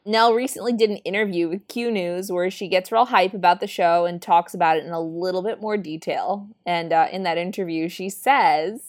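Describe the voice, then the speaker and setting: A woman's voice: lowish voice, moderate pace, few pauses. A young woman co-hosting a casual podcast with dry, wry humor. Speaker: podcast co-host.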